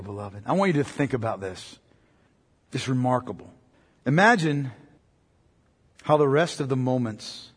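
Husky preacher man in echoing hall. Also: medium pitch. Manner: emphatic, swinging from loud proclamation to hushed. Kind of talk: sermon. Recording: long hall reverb.

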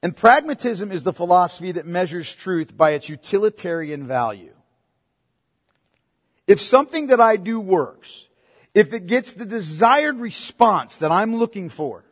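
In a church sanctuary, a man delivers an emphatic sermon, repeatedly posing rhetorical questions to his congregation. He has a high, husky voice with big pitch swings and a moderate pace, and the large hall gives it a long reverb.

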